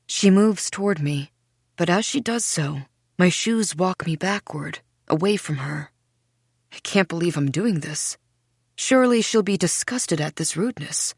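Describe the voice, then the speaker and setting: A woman reading a first-person mystery audiobook in a measured, hushed way. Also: fairly low pitch, lively intonation, husky, dry recording, clean studio sound. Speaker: audiobook narrator. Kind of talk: scripted first-person narration.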